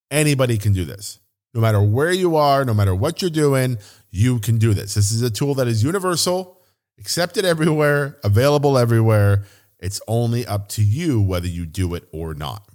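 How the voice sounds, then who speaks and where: A man's voice: mid-range voice, expressive, moderate pace, darkish tone. A man hosting a motivational podcast, talking to entrepreneurs in an emphatic, casually profane way. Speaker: podcast host and business coach.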